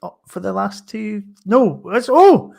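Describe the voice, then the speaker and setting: A man's voice: high voice, animated, takes it slowly, creaky, darkish tone. A man hosting a live podcast in casual chat, jokey and rambling, with mild swearing. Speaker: podcast host.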